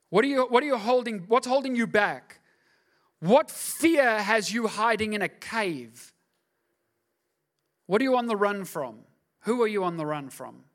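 Guy preaching, pretty high voice, keeps hammering the same questions. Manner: emphatic, repeats rhetorical questions. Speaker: pastor. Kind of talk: sermon.

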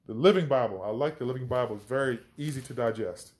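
A man's voice: mid-range voice, quick pace, darkish tone. A man hosting a podcast, teaching from the Bible with emphatic, reflective commentary as he reads scripture aloud.

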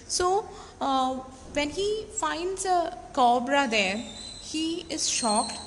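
A woman teaching a literature lesson, explaining a text with frequent pauses and restarts, and reading quotations slowly. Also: sits high, lively intonation. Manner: many fillers and restarts, reads quoted passages slowly. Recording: roomy reverb, faint background noise.

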